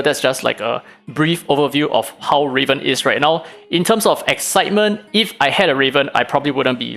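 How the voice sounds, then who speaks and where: A man hosts a game guide and breaks down tactics at a rapid clip. His voice sits a touch high for a man, and his delivery is casual and analytical. Soft music plays faintly behind him. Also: vocal fry. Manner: casual, analytical, fast-talking with fillers. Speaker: gaming channel host.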